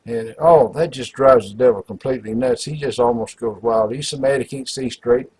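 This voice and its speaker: A man's voice: medium pitch, normal speed, darkish tone, a little hiss or hum, low-quality recording. A man telling a long joke in a folksy, rambling way, with lots of filler words. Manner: folksy, rambling, full of "you know" and "uh". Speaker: joke teller.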